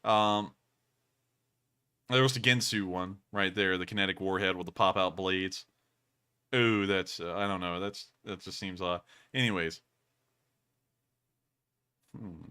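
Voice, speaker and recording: A tired man hosts a casual livestream with a bright, forward edge to his voice. He drawls through his answers, apologizes for being worn out and keeps going, like someone running on coffee late at night. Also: sits low, slow, long pauses, smooth. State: exhausted, yawning. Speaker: livestream host.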